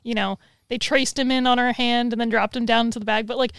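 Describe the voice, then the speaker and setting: A woman chatting as a podcast co-host, her voice sitting a little high. She talks in an animated way, laughs easily and swears freely. The sound is dry and close. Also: fast, smooth, no room sound. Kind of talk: casual chat.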